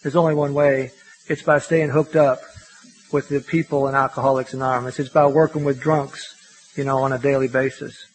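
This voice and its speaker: A man's voice: medium pitch, flat delivery, normal speed, slight background noise, low-quality recording. An older man from Louisville, Kentucky, speaking at a recovery meeting, telling his story in a folksy, self-mocking way with frequent "you know"s.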